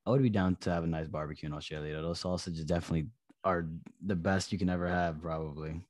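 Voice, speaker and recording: Deep-voiced man, dry close sound. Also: fairly even intonation, fast talker, no echo. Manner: laughs often, asks questions. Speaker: podcast host. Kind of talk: casual chat.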